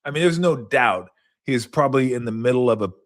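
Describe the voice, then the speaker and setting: A middle-aged man hosting a sports talk show, rambling casually and cursing, sometimes acting out people in high mocking voices. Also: animated, a little fast. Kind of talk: casual solo rambling recap.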